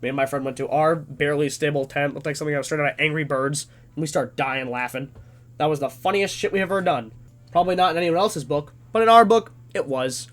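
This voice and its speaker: A man in his twenties telling a comedic story in an animated, self-deprecating way. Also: on the high side, quick pace.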